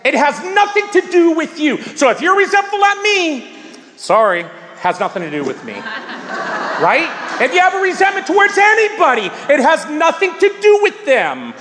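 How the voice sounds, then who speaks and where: A man's voice: extremely high pitch, wildly swooping pitch, moderate pace, bright, forceful tone, long reverb tail. A man sharing his story at a recovery meeting, talking in an emphatic, repetitive, preaching way. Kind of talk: sharing at a twelve-step meeting.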